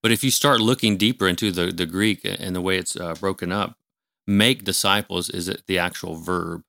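Low gravelly man explaining scripture. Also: steady tone, bright, forceful tone, dry recording. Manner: measured, explanatory, with filler words and restarts. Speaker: ministry leader and guest. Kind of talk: conversational teaching on scripture. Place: small studio room.

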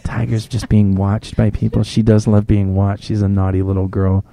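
A man hosting a casual live commentary, talking in a hushed, fond way that often drops into whispers. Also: on the low side, completely flat delivery, moderate pace, vocal fry, dry recording.

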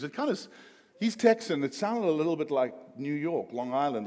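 A man's voice: a little high, moderate pace, a little mellow. A man preaching a conversational sermon, joking and chatty with frequent fillers. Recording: long hall reverb.

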